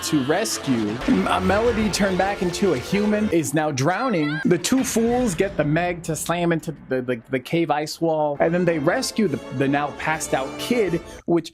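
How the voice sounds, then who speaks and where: Man, casual film review, sarcastic, swears a lot, slightly high voice, music underneath. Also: expressive, normal speed.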